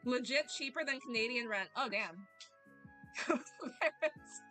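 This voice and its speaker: With game music running underneath, a woman from the United States chats through a video game stream, laughing, cursing casually, rambling, and answering her chat. She sounds animated yet takes her time, her rather high voice pushed and bright.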